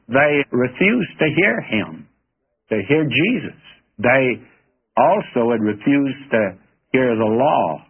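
A man's voice: mid-range voice, husky. A man preaching a radio sermon in a folksy, earnest way, talking straight to his listeners. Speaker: radio Bible teacher. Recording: tinny phone-like radio broadcast.

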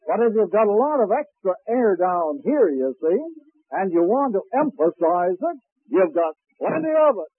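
A man teaching a class on preaching, talking slowly and deliberately and demonstrating breathing as he explains. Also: high-pitched, big pitch swings, husky. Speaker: preaching instructor. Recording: tinny, phone-like old recording.

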